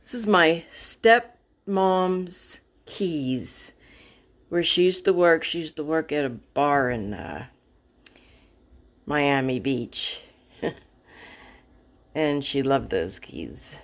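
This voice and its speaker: A deep-voiced woman, expressive but extremely slow and pausing often, tours her paintings along a wall in a casual vlog. She rambles, looks for the right words and corrects herself.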